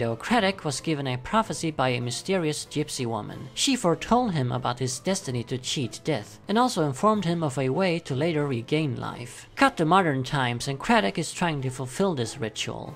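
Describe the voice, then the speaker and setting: Lively, animated male comic reviewer. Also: a little high. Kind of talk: scripted narration.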